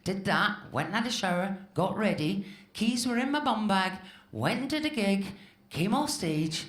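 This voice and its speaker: Stand-up comic, woman in her fifties, salty and animated, live club with a roomy sound. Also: mid-range voice, normal speed. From Scotland. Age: 50s. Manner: swears freely, acts out quoted voices. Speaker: stand-up comedian. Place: comedy club stage with live audience.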